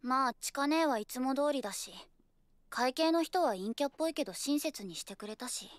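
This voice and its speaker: A woman voicing a teenage schoolgirl in an anime, talking brightly and briskly. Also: high voice, lively intonation, no room sound. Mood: complaining. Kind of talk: anime dub acting.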